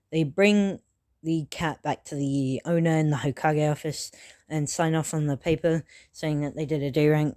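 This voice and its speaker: A person improvising a fan-fiction story at home in a loose, unscripted way, stopping often to correct themselves. The talk is casual and peppered with swearing, and the pitch sits in a middle range. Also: a little mellow. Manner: rambling, loose and unscripted, full of self-corrections.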